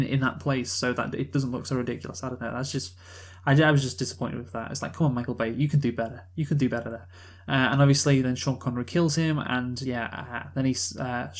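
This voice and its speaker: Rambling casual man reviewing a film. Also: medium pitch. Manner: rambling, full of fillers and restarts, swears casually. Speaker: podcast co-host reviewing a film. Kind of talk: casual chat.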